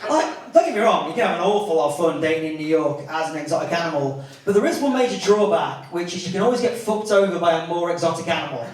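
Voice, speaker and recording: A young man from the north of England with a Northern English accent, performing an animated stand-up comedy set. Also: fast talker, hardly any pauses. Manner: animated, jumps into high-pitched character voices for punchlines. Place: comedy club. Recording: echoey club from a distance, clear crowd laughter.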